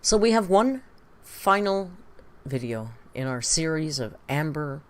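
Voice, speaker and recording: A British woman streaming a reaction, her voice rising and falling in lively swings. She gossips, wonders aloud and breaks into laughs as she goes. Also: low-pitched, a little slow. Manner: chatty and gossipy, laughs often, muses aloud. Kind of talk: casual commentary on video clips.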